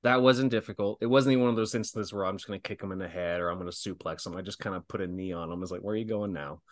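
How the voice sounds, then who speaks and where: This man in his thirties, a guest from the wrestling world, races through casual stories in a low-pitched voice, laughing plenty and acting out the quotes.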